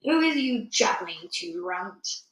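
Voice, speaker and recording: A woman voicing a huge, greedy male giant who booms and shouts slowly, recorded with a roomy echo. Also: sing-song. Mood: bullying. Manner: booming, slow, shouting.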